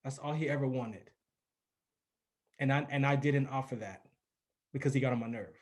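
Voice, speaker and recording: Speaking at a moderate pace with a medium pitch, this forties-aged radio personality from California shares a personal anecdote as a podcast guest. He's earnest and emphatic in the casual chat and performs the quoted voices.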